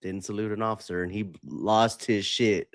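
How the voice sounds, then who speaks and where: Male veteran host, 30s, lowish voice, dry close sound, relaxed casual delivery. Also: normal speed, no echo. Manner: easygoing, filler-heavy, laughs along. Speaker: podcast host, army veteran. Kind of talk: casual chat.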